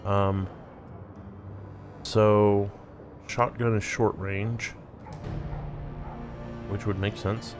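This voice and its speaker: A man's voice: fairly low pitch, little pitch movement, extremely slow, long pauses, over music. A man hosting a let's play, thinking aloud and reading game text as he plays. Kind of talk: casual gameplay commentary.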